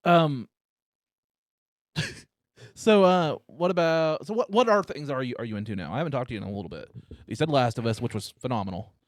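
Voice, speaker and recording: A man hosting a casual podcast, telling crude stories loudly and teasing his guest. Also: mid-range voice, animated, a little fast, pauses often, dry recording, clean studio sound. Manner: loud, teasing, swears a lot. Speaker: podcast host. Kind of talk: casual chat, crude storytelling. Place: room at home.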